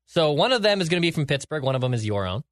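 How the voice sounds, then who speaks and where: Confident jokey podcast co-host, dry sound. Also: male voice, on the high side, very animated, racing, no echo. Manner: confident, jokey, stat-heavy. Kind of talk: casual sports chat.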